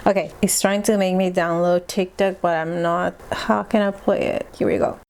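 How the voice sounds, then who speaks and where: A woman's voice: lowish voice, steady tone, normal speed, hardly any pauses, darkish tone, a little hiss or hum. A young adult woman talking chattily in a casual commentary vlog, with lots of "like" fillers. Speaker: vlogger.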